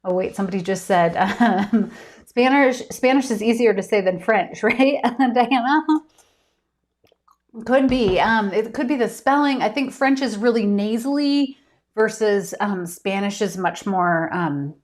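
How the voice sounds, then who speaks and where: A woman's voice: medium pitch, a little slow. Chatty, giggly woman. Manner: chatty and giggly, many ums. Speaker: author hosting a live stream. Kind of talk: casual live-stream chat.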